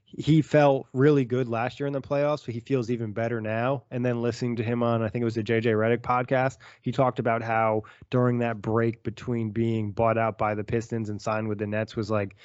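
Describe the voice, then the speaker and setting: Fast-talking male podcast co-host. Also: medium pitch, flat delivery, darkish tone, dry recording, lo-fi sound. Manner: quick, loose, full of "like". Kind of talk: casual sports chat.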